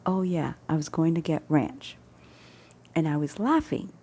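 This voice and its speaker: Low gravelly woman telling a story. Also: lively intonation, a little slow, mellow, a little hiss or hum. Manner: rambling, restarts and corrects herself mid-story. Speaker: storyteller sharing personal stories. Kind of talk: casual personal storytelling.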